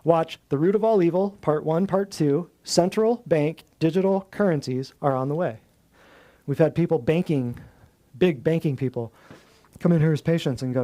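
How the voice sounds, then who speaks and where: This natural health clinic host talks at a moderate pace in a slightly high voice with a dark tone. Addressing a live group, he preaches without softening anything, using homespun slang and piling on lengthy, forceful lists.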